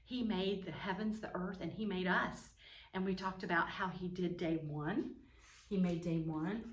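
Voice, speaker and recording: Woman, preschool teacher, sing-song, animated, online lesson, echoey room. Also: fairly low pitch, moderate pace. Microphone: camera mic. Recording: roomy sound, a bit far from the mic.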